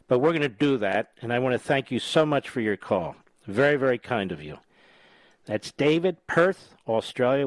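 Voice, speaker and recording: A man's voice: medium pitch, dry recording. A man in his sixties hosting a call-in radio show, blunt and emphatic. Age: 60s. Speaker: radio talk show host.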